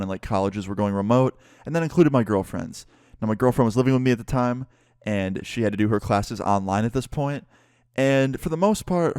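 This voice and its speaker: A man's voice: on the low side, a little mellow, clean tone, no room sound, clean studio sound. A young man casually telling a story-time vlog, laid-back and rambling with many fillers. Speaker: YouTuber.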